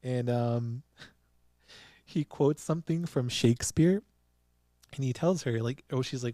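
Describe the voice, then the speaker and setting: A man hosting a podcast, recapping a TV drama in a casual, animated way and laughing often as he talks. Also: medium pitch, unhurried, long pauses, no room sound, clean studio sound. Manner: giggly, animated storytelling with frequent laughs. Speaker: podcast host. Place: small studio with a producer present.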